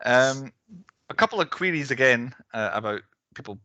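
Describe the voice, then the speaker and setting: A man's voice: medium pitch, expressive, moderate pace, pushed and bright, no echo. A man hosting a casual podcast chat, rambling through film complaints and acting out scenes in mocking voices. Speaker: podcast host.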